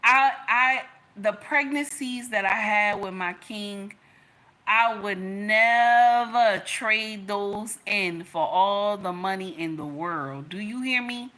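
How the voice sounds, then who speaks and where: A woman's voice: medium pitch, slow, pushed and bright. A woman giving relationship advice through a personal story, emphatic, repeating lines and calling her listeners y'all and baby.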